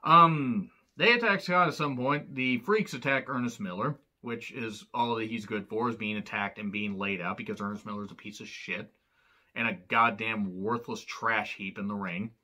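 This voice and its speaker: A man's voice: fairly low pitch, normal speed, bright, forceful tone. A man giving a casual recap of an old wrestling show, exasperated and sarcastic, swearing often as he rants. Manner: profane, exasperated ranting.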